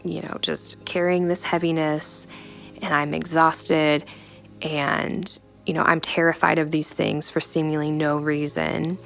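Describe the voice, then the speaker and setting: A young woman giving a personal faith testimony in a reflective, halting way, full of "you know" fillers. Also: deep voice, gravelly, a bit bright. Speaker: storyteller sharing a personal testimony.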